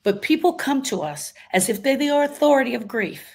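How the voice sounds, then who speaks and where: A woman with a high-sitting voice, big pitch swings and a slightly fast pace hosts a live grief coaching talk. In this motivational livestream she is emphatic and full of rhetorical questions, warmly reading out her audience's comments.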